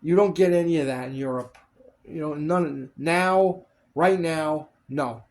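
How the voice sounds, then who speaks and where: Animated man telling stories, swearing. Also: a little high, unhurried. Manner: animated, acts out quoted people, swears freely. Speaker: storyteller recalling film work. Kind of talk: casual chat.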